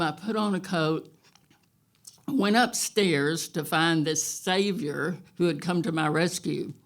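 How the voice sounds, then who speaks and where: A woman telling a true story on stage to a live audience, wry and unhurried, often chuckling. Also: fairly low pitch.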